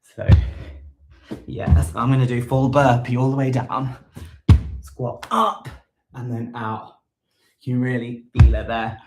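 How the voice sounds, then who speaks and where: Slow halting man in an echoey room. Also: medium pitch, little pitch movement, music in the background. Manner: slow, halting, thinks aloud with many ums and self-corrections. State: a bit out of breath. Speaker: fitness vlogger leading a live workout. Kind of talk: casual live workout instruction. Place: room at home.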